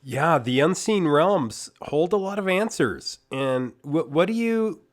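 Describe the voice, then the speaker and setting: A man hosting an interview, asking his questions slowly and carefully. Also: a little high, expressive. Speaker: host.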